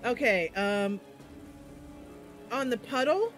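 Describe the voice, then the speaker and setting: A woman's voice: on the high side, big pitch swings, slow pace, soft background music. A woman streaming a video game, thinking aloud over her moves and breaking into sudden cries when things go wrong. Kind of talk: livestream game commentary.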